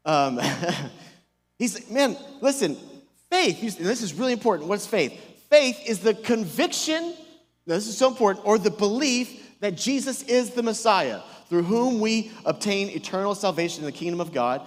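High-voiced pastor preaching in a reverberant hall. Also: male voice, expressive, normal speed. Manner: emphatic, call-and-response questions, joking asides. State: sick, voice strained. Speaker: senior pastor. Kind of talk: sermon. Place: church auditorium stage.

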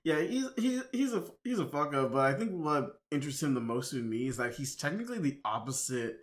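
A man co-hosting a casual movie podcast, talking in halting runs full of restarts and fillers. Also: fairly high pitch, very animated. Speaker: podcast co-host.

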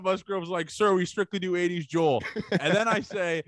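A podcast co-host rambles through party stories in casual chat, swearing often and acting out what people said. His voice is high-pitched and a bit bright, with fairly even intonation, a moderate pace, and no echo.

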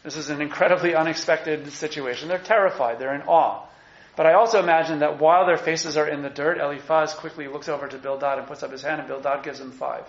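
A man giving a lively, conversational lecture on scripture and acting out the quotes, in a muffled, echoey room recording. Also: a little high, fast talker. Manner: animated, conversational, acts out quotes. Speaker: teacher.

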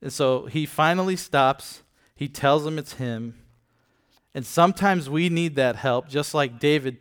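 Man preaching in a relaxed, chatty way. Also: a little high, measured pace, clean tone. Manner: conversational, retells scripture in everyday words; addresses listeners with frequent "okay?" and "right?". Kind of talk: casual Bible teaching.

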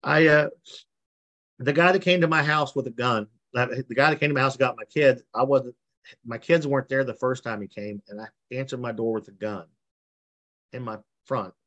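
Telling his recovery story at a recovery meeting via video call, a middle-aged man speaks earnestly and with emotion, often repeating himself. His medium-pitched voice is steady and a bit bright, at a moderate pace, and the sound is lo-fi.

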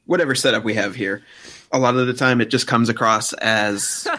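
Male co-host, casual, bright forceful tone, mid pitch, blunt and dry. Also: fairly even intonation, moderate pace. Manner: dry, blunt opinions, imitates music sounds. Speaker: podcast co-host reviewing a film score. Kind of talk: casual chat.

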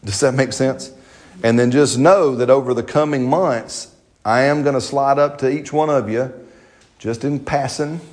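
Pastor, man, folksy sermon delivery, animated pitch, mid-range voice. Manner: folksy, joking, lively preaching with slang.

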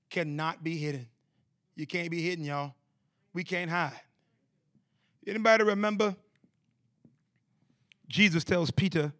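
A man preaching a sermon, shouting in a rhythmic call-and-response style and repeating phrases to the congregation. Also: high-pitched, no room sound, studio quality.

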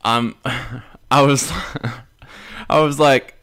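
A man's voice: mid-range voice, extremely slow, smooth. A young man chatting casually on a podcast. He tells stories with energy and acts out the other people in a raised, mocking voice. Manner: animated storyteller, acts out quotes in a raised voice. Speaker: podcast co-host. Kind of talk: casual chat.

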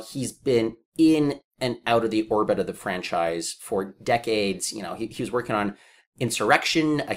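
A man co-hosting a casual discussion, opinionated and talking with frequent fillers. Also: medium pitch. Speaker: podcast co-host.

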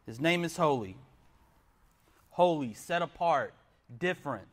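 This young man's sermon comes in a slightly high, animated voice at a somewhat slow pace. He is earnest and frequently asks the congregation questions.

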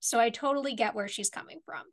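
A woman's voice: fairly high pitch, fast. A woman co-hosting a podcast, sharing thoughtful opinions in casual discussion of a TV episode. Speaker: podcast co-host.

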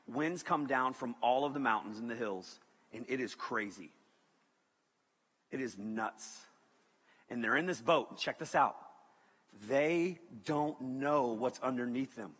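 A man preaching to students as a youth pastor, animated and joking, talking to the crowd. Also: mid-range voice, husky. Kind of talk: sermon to students. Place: large hall with audience. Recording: reverberant hall.

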